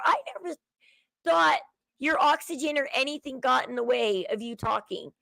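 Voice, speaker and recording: A woman with a Southern accent chats to her livestream viewers in a loose valley-girl manner. Her voice sits a little high with a gravelly fry at the ends of phrases. The sound is dry and close. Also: normal speed, sharp tone, dry recording, poor audio. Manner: chatty, sensitive, valley-girl talk. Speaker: livestream host. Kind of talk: casual livestream chat.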